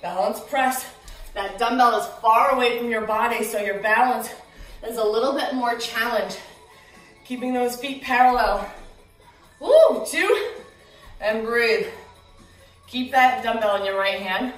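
A woman fitness instructor coaching a live workout, out of breath, cueing moves and counts with energetic encouragement. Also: on the high side, unhurried, pauses often, very echoey, far from the mic, soft background music, poor audio.

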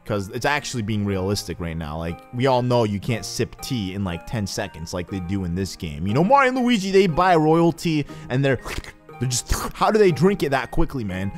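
A man hosts a let's play with casual, rambling commentary full of jokes. His voice rises and falls with lively swings of pitch. Faint music sits behind him. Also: moderate pace. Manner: rambling, joking, says "man" often.

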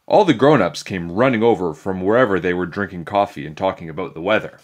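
A man reading a children's chapter book aloud in a playful, animated storytelling manner. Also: low-pitched, fast talker. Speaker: storybook reader.

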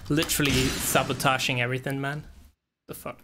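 A man's voice: mid-range voice, level tone, brisk, background noise. A young man hosting a gaming tournament stream, chatting casually and rambling with frequent swearing and fillers. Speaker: tournament organizer and stream host. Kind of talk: casual livestream chat.

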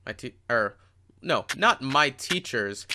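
A man's voice: mid-range voice, expressive, slow pace. A teenage boy chatting casually while playing a game, self-mocking and tripping over his words. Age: teens. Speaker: gaming channel host. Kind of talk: rambling casual commentary over gameplay. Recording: loud hiss and mouse clicks.

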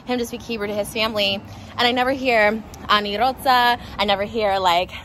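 A woman's voice: mid-range voice, fairly even intonation, fairly quick, a bit bright, slight background noise. An American woman hosting a vlog, chatting and giggling with lots of fillers while walking down a street. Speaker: vlog host. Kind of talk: casual chat while walking. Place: outdoors on a street.

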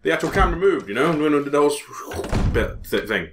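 A man's voice: on the high side, big pitch swings, fast, noisy background. A man co-hosting a casual gameplay video, swearing and joking as he plays. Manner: swearing, joking, slips into silly accents. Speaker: let's play co-host.

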